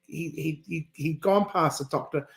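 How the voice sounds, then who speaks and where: A woman's voice: sits low, moderate pace, gravelly, husky, poor audio. A woman hosting a casual chat, rambling and reminiscing, often trailing off and restarting. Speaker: host.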